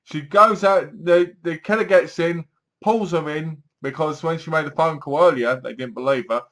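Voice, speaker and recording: A man casually reviewing a film, retelling the story in a rambling, animated way and acting out lines. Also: a little high, moderate pace.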